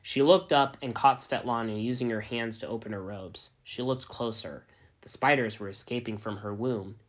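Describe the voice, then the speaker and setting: Male narrator, deadpan straight reading of a fan story. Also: mid-range voice, normal speed. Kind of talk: dramatic reading of fan fiction.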